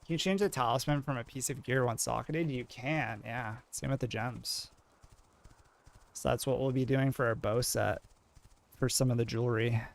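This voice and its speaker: A man from New England with a New England accent, chatting casually with his live-stream audience as a game streamer, in a mellow, fairly monotone way full of "like" fillers. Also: mid-range voice, moderate pace, vocal fry.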